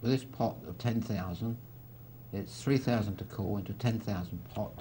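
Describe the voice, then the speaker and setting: A man's voice: on the low side, moderate pace, warm tone, a little hiss or hum. A man gives live poker commentary, walking through each hand with a chatty manner and dry teasing asides to his co-host.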